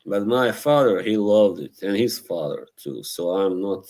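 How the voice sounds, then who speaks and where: A man's voice: lowish voice, expressive, darkish tone, rough recording. A man casually chatting on a live stream, reading viewer messages and laughing often. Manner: slow, laughing, trying British accents for fun.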